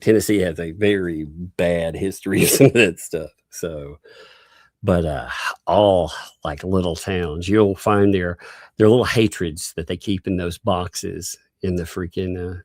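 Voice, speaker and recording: A man with a Southern US accent hosting a casual livestream, talking in a slow, self-assured drawl and laughing often. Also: low voice, a little mellow, dry recording, studio quality. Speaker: livestream host.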